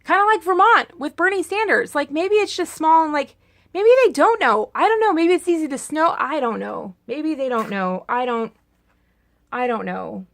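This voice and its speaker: A woman's voice: sits high, lively intonation, moderate pace, a bit bright. A woman ranting casually in a political vlog, chatty and sarcastic, rambling with many restarts. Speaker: political vlogger.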